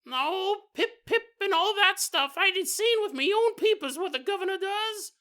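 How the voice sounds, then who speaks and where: High, wailing old servant ghost, self-pitying, with a deliberately awful British accent. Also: male voice, animated, bright, forceful tone, exaggerated voice. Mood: griping. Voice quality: bad fake British accent, moaning. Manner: complaining, wailing. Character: whiny old hunchbacked male servant ghost.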